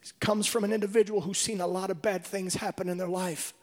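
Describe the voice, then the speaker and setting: A male preacher delivering a sermon, swinging from hushed whispers to shouting. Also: high-pitched, fairly even intonation, a little fast. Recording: long reverb of a large hall.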